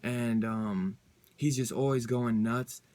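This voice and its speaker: A man chatting casually about a comic book, excited and rambling in a loose, slangy way. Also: medium pitch, takes it slowly. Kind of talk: casual review chat.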